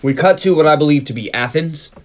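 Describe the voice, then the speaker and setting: A man's voice: a little high, fast. A man co-hosting a podcast, recapping a film in casual chat, laughing often and humming scenes. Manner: laughs often, quotes and hums movie bits.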